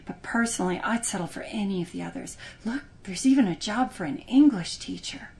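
A woman's voice: mid-range voice, lively intonation, fairly quick, gravelly. A woman reading the lines of a hopeful middle-aged mother in a storybook. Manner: soft, hopeful. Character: cheerful middle-aged mother, eager wife.

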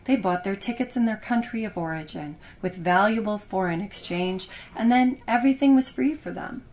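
Woman storyteller, audiobook read, lively and expressive. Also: medium pitch, normal speed, a little hiss or hum. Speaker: narrator. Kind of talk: audiobook narration.

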